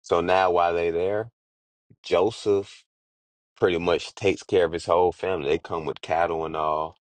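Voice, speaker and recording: Real deep-voiced dude retelling a bible story like street gossip, aave slang, dry close sound. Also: male voice, flat delivery, no echo. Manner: slangy, quick, acts out characters in everyday street talk.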